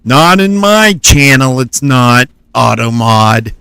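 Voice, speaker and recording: A man's voice: medium pitch, animated, slow pace, gravelly, bright, forceful tone, clean tone, no echo. A man from the Midwest, chatting playfully while streaming a game and joking with his viewers. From Cincinnati, US Midwest. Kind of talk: casual gaming commentary.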